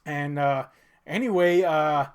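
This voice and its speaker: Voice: mid-range voice, slow pace, clean tone. Sarcastic, profane movie-review ranter. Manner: profane, sarcastic ranting with frequent laughs; rambling, with fillers and restarts. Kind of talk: comedic movie review chat.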